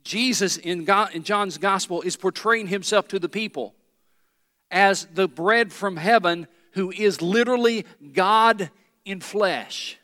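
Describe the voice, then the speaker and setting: A man's voice: high voice, unhurried, sharp tone. A man preaching a sermon as pastor in a large church, emphatic and calling out questions to the congregation. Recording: long hall reverb in a large church.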